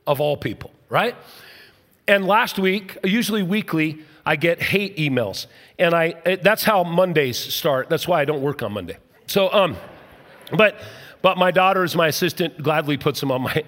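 A middle-aged male pastor preaching a sermon, jokey and conversational, dropping now and then to a soft, low voice. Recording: long hall reverb.

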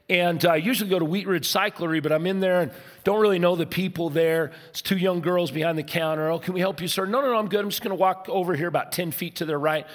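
A male pastor delivering a sermon in a church hall, his slightly high voice carrying a long reverb tail. He moves between loud, animated storytelling and hushed, earnest stretches.

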